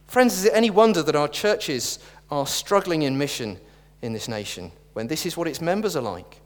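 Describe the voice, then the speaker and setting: A man's voice: on the high side, lively intonation, moderate pace. A middle-aged man preaching a sermon in a church, earnest with wry asides and jokes. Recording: reverberant church hall.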